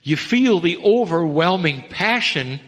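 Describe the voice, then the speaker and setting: A man delivering a channeled spiritual message, measured and earnest, addressing listeners as dear ones. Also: sits high, lively intonation, a bit bright. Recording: long reverb of a hall.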